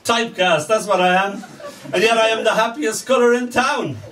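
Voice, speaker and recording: A man's voice: high voice, moderate pace, pushed and bright, voice pushed up. A man doing the colour Black, moaning. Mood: wry. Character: self-pitying gloomy colour Black, typecast. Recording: distant mic with faint room noise.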